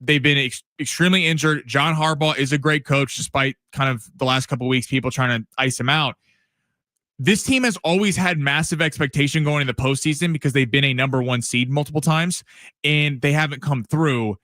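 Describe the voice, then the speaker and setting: A man's voice: fairly high pitch, brisk, bright, forceful tone, no echo. A man co-hosting a sports radio show, giving strong opinions with many restarts. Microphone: studio mic.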